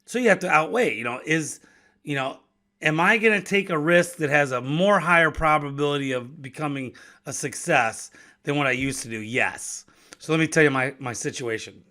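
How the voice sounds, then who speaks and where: A fairly high-pitched, pushed and bright voice belongs to this Wisconsin man in his fifties, who hosts a podcast and owns a business. At a moderate pace he riffs alone on business risk, conversationally repeating and restarting words and laughing between thoughts.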